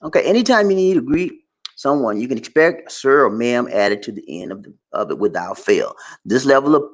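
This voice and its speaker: An American man giving casual advice in a vlog, telling animated stories and laughing often. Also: mid-range voice, brisk. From United States. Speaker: vlogger.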